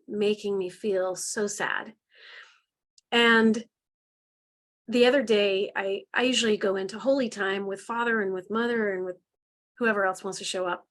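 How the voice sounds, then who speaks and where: A woman teaches a live spiritual healing class online, her voice mid-pitched and earnest. She guides listeners gently and lets feeling come through. The sound is that of a plain video call microphone. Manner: earnest, gently guiding, emotional.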